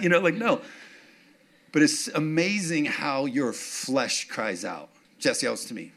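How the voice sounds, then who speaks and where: A man's voice: medium pitch, normal speed. A middle-aged man preaching a sermon, telling self-mocking stories with humor and often asking the congregation if they are with him. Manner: animated, asks congregation for response. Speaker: pastor.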